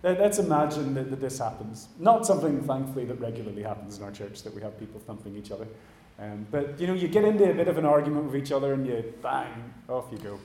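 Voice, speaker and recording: A man's voice: medium pitch, expressive, fast, few pauses, warm tone. A man preaching a sermon, talking conversationally and addressing his congregation directly in a church hall. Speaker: pastor.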